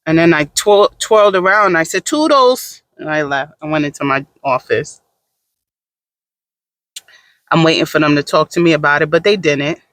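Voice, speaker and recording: A man doing sassy, animated gossip commentary in a casual vlog, with dramatic asides. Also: on the high side, a little fast, hardly any pauses, dry recording. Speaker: vlogger.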